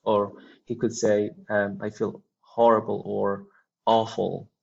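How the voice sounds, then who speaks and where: A man teaching an English lesson, explaining a textbook unit slowly with frequent ums and reading dialogues aloud. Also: fairly low pitch, level tone, creaky, a little mellow, breathy edge, muffled recording.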